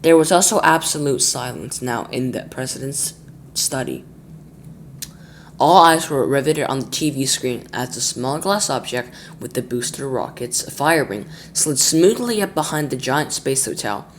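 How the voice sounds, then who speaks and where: Brief: a man reading a children's story aloud, lively, faint noise behind. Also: medium pitch, unhurried. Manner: lively, with small slips and restarts.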